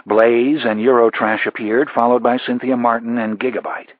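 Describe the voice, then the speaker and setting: A man narrating a thriller audiobook in a measured, even delivery. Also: medium pitch, dry recording, phone-quality sound. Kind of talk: scripted narration.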